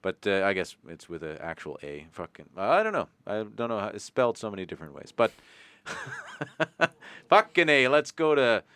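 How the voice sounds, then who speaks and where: A man's voice: lowish voice, sing-song, normal speed, fairly bright tone, smooth. A Canadian man with a Canadian accent hosting a casual podcast chat, rambling and joking, swearing now and then. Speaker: podcast host.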